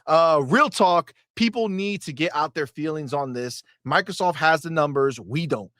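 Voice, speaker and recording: A man hosting a live gaming stream in a casual, animated and profane way, with mocking asides. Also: a little high, moderate pace, no room sound, clean studio sound. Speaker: livestream host. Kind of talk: casual livestream talk.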